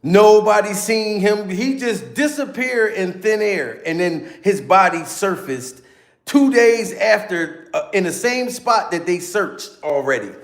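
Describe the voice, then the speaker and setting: Male commentary host, high voice, echoey room, keeps rallying the audience. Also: animated, unhurried. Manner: repetitive, hyped, addressing viewers. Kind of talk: reaction commentary.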